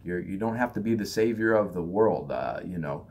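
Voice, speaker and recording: Husky low-voiced man giving a spiritual talk. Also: expressive, normal speed, a little mellow. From United States. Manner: loose, conversational, acts out others in raised voices. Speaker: spiritual teacher.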